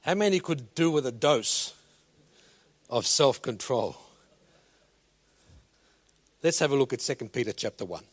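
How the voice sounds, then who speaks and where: A male preacher, giving an animated sermon and telling a story, often repeating words as he starts a sentence. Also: medium pitch, measured pace, pauses often. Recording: long reverb of a large hall.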